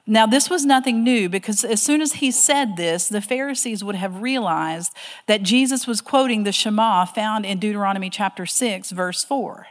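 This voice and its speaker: A woman teaching a Bible study class in a chatty, animated way with self-deprecating asides. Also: medium pitch, moderate pace, in a large hall.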